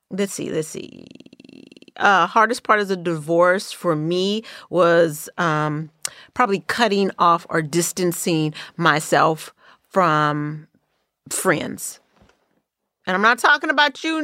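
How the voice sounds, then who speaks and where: A woman's voice: lowish voice, fairly bright tone, dry recording, clean studio sound. A middle-aged woman from the Bay Area hosting a podcast, telling personal stories in casual, candid, profane chat. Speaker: podcast host.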